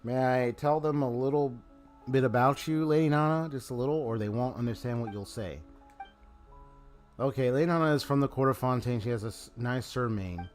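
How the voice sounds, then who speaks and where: A man's voice: medium pitch, a little fast, faint music behind, close to an everyday voice. A man reading aloud the lines of a cheerful little girl who hosts a party, in his plain voice and stumbling now and then. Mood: chatty.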